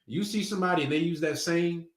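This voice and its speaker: A man's voice: fairly high pitch, fast. A man teaching a sermon in a casual, slangy, conversational way. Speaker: preacher. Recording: echoey room.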